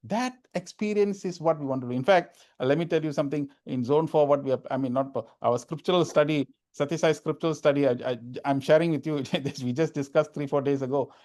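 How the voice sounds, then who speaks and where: A man's voice: a little high, quick pace, hardly any pauses, darkish tone. A man giving an informal spiritual talk, repeating phrases for emphasis. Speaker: spiritual speaker.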